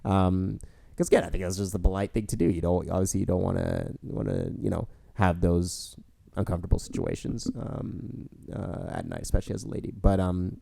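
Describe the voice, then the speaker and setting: A man's voice: low-pitched, steady tone, fairly quick, creaky, warm tone, dry recording, studio quality. A young man co-hosting a podcast, telling stories in a rambling casual way with many fillers. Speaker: podcast co-host. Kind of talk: casual storytelling chat.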